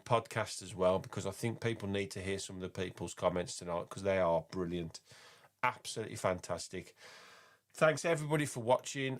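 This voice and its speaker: A man hosts a fan phone-in, teasing callers and gushing with enthusiasm. His voice sits at an ordinary middle pitch. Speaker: host. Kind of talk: casual phone-in hosting.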